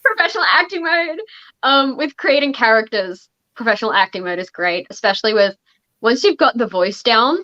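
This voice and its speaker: A woman's voice: fairly high pitch, animated, moderate pace, sharp tone, highs cut off. A young woman hosting a casual livestream chat, talking about running tabletop games with lots of fillers and restarts. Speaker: podcast host and game master.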